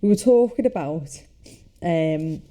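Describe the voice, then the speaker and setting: A woman's voice: low voice, lively intonation, slow, mellow. A woman co-hosting a chatty podcast, a mother who tells stories and acts out what others said. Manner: chatty storytelling, often acting out what others said. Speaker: podcast co-host; mother of young children. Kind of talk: casual chat.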